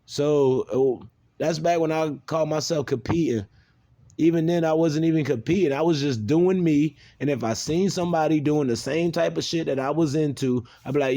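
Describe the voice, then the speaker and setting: A man's voice: fairly high pitch, normal speed, mellow. A man from the South, talking bluntly and profanely in an unscripted video monologue. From American South. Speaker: video maker.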